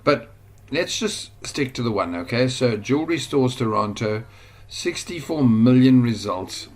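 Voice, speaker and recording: A man with a South African accent talks through an online business lesson while sharing his screen. He thinks aloud and rambles, then gets suddenly excited. His voice sits at an ordinary middle pitch. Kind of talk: casual screen-share tutorial.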